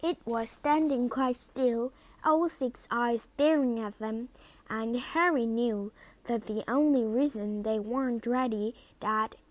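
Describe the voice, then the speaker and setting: A woman reads a storybook aloud at a slow, careful pace, sometimes dropping to a whisper. Her voice sits a little high. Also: darkish tone, no echo. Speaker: reader.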